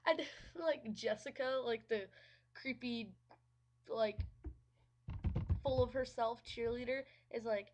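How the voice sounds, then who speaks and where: In a slightly high voice, a woman talks slowly with frequent pauses while giving a casual movie review. She's sarcastic, swears freely, and drops "like" constantly.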